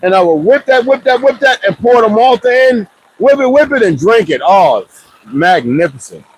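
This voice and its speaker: Man, fairly high voice, easygoing vlogger who rambles and jokes to camera. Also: sing-song, moderate pace, breathy edge, low-quality recording. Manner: loose, rambling, joking asides. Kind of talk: casual rambling chat to viewers.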